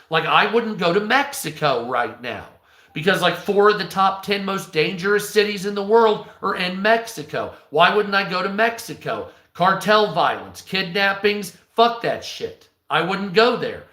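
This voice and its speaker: A man's voice: high-pitched, sharp tone. An American man hosting a live stream, ranting bluntly and profanely and answering his chat in casual commentary. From United States. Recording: echoey room.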